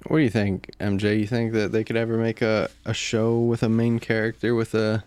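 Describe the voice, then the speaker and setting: A man's voice: on the low side, little pitch movement, fairly quick, a little mellow, clean tone. A man hosting a podcast, chatting casually with a hyped, talkative manner. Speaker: podcast host. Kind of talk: casual chat.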